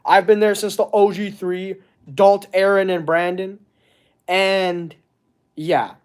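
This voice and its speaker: A man's voice: high-pitched, level tone, clean tone. A man chats on a live stream, reading out viewer comments. He talks earnestly, stopping and restarting as he hunts for the right words. It sounds like a streaming mic at his desk. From Canada. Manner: halting, searching for words, earnest. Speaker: wrestling channel host. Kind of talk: casual livestream chat reading comments.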